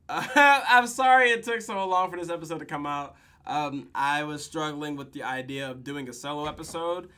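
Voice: medium pitch, normal speed, clean tone. A podcast host, casually and profanely recapping a TV episode with lots of laughter, tired late at night. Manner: profane, laughing, animated retelling.

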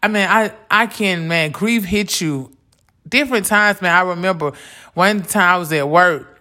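Bright-voiced woman sharing her grief. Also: lowish voice, normal speed. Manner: casual, repeats "like" often, earnest. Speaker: podcast host. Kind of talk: heartfelt personal talk on grief and faith.

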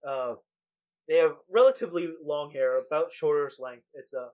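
A man running a tabletop game, narrating loosely with frequent pauses and fillers. His voice sits a little high, and the recording is dull and lo-fi. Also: a little mellow. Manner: laid-back, hesitant, many fillers. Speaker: game master.

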